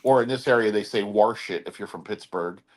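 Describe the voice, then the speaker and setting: A man's voice: fairly low pitch, fast talker. A man with a Philadelphia accent hosting a podcast, rambling in casual chat and mimicking how other people talk. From Philadelphia area. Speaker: podcast host.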